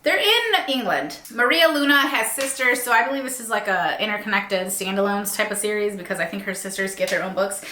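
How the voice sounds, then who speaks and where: A woman's voice: mid-range voice, brisk, few pauses, reverberant, a little hiss or hum. Chatty young woman reviewing books. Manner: chatty, animated, many fillers. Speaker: book reviewer. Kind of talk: casual book review chat.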